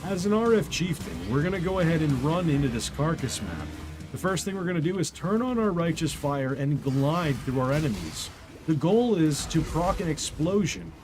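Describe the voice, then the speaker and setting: A man voicing a soothing, deep-voiced male game guide narrator, talking in a smooth, warm, deliberate way. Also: very animated, music in the background.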